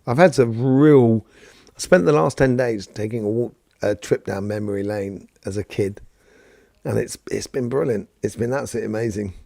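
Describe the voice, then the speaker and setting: Gravelly, mellow man, rambling chat. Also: on the low side, moderate pace, no room sound, studio quality. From London, England. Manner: rambling, chatty, greets viewers by name, many fillers. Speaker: host of a live Q&A stream. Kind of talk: casual spiritual talk answering viewers.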